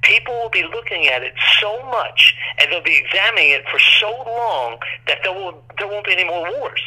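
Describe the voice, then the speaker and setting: A man's voice: high voice, animated, moderate pace, sharp tone, breathy edge. A man telling a long, rambling story as an interview guest, acting out quoted voices, over a phone line.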